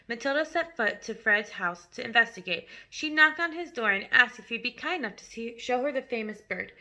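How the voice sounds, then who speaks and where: A woman teacher reads a storybook aloud with lively expression, now and then stepping out of the story for a casual aside. Her voice sits fairly high and sounds very bright.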